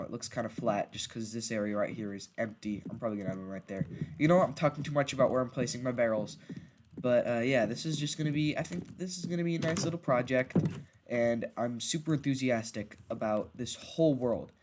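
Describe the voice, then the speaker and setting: A man's voice: medium pitch, noisy background. Rambling male gamer narrating a base tour. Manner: rambling, halting, restarts sentences. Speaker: gaming video creator. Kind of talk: casual gameplay narration.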